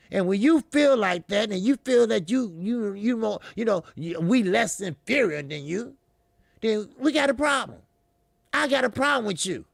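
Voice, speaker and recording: A man's voice: high-pitched, creaky, no room sound, clean studio sound. A man hosting a boxing channel, delivering a heated commentary monologue in a profane, repetitive and mocking way.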